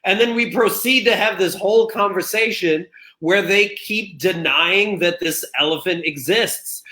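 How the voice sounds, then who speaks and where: A man speaking with a bright, forceful tone and a slightly high voice. He tells his story with animation and acts out the other voices in it. He talks as a guest in a relaxed interview. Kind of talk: conversational interview.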